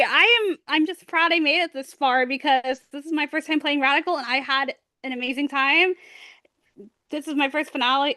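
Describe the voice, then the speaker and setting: A woman's voice: high voice, no room sound. A woman finalist in an online game, chatting in an upbeat, cheerful way. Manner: upbeat, warm-hearted, chatty. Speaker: finalist player. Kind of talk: casual chat.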